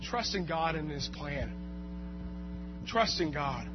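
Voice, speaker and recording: A man preaching a sermon, swinging from quiet asides to loud, shouted bursts. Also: on the high side, sing-song, takes it slowly. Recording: muffled recording with music and hum.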